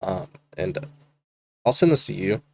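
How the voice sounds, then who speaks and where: A man's voice: sits low, expressive, measured pace, vocal fry, darkish tone. A man streaming, reading chat messages aloud in casual commentary, hesitant and anxious, with casual swearing.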